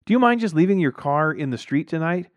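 A man voicing a pushy, overly friendly neighbor who talks loud and salesy in a storybook reading. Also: fairly high pitch, expressive, fairly quick, no room sound, studio quality, voice pushed up, lightly acted. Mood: glad-handing. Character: smarmy grown man, pushy glad-handing neighbor.

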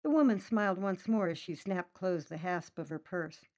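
Woman narrating a story, fairly low voice. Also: normal speed. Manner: lively, voices characters with raised pitch. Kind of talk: storybook narration with acted dialogue.

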